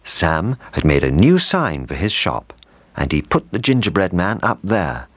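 A man reading a children's storybook aloud with expressive, lively intonation. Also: low voice, unhurried, no echo.

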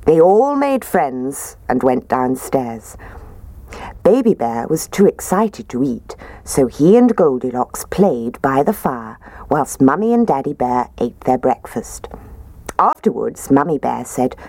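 Woman, low voice, lively storybook reading, dry close sound. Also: takes it slowly, no echo. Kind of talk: reading a children's story aloud.

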